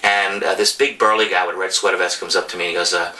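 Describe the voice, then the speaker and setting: A man's voice: low-pitched, steady tone, quick pace, pushed and bright. A man from New York's Hudson Valley, a bartender and collector, telling stories in a rambling, enthusiastic way with many restarts. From Hudson Valley, New York. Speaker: bartender and bar memorabilia collector. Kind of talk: casual storytelling chat. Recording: distant mic with music behind.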